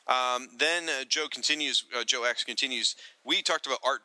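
A man's voice: medium pitch, moderate pace, sharp tone, no room sound, poor audio. A man co-hosting a podcast in casual chat, reading listener comments, laughing often and trailing off into restarts.

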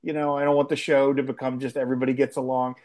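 A podcast co-host chatting casually about a TV episode, laughing often and acting out quoted lines. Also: male voice, medium pitch, flat delivery, racing, a little mellow. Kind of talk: casual chat recapping a TV episode.

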